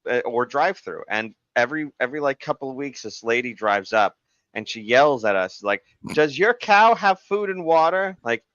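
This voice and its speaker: A man from Arizona telling rambling stories in casual podcast chat, lively when quoting others. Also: on the low side, dry recording, dull audio. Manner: rambling storyteller, animated when quoting people. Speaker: podcast co-host.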